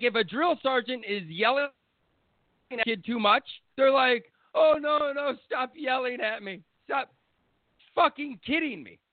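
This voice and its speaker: High-voiced man ranting over a tinny line. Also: no room sound. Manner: blunt, profane, heated ranting. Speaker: sports podcast host. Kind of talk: opinionated sports talk rant. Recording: tinny phone-like lo-fi, dry.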